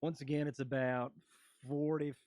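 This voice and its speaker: A man running a tabletop fantasy game as game master, describing the scene in halting narration full of fillers. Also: fairly high pitch, little pitch movement, a little mellow, no echo.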